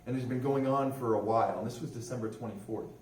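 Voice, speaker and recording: A chatty airman tells a history story to a room full of listeners, asking them questions as he goes. His voice sits at an ordinary pitch. He sounds a little distant in a roomy hall, with faint noise underneath. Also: fast talker, darkish tone. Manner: chatty, asks the audience questions. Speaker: religious affairs airman giving a talk. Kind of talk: informal history talk to a museum audience. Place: museum room.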